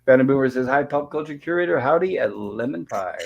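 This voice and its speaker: A man's voice: a little high, fairly quick, gravelly, few pauses. A man hosting a live-streamed review show, greeting viewers and reading chat messages aloud in a friendly, rambling way. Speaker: podcast host.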